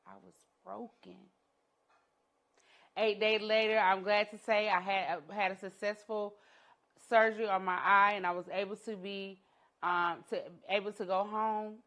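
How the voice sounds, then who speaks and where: A middle-aged woman shares her personal journey in a conference talk. She tells it dramatically, with her voice falling soft and low at the heaviest moments. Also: little pitch movement, moderate pace. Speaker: entrepreneur and educator giving a talk. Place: conference room.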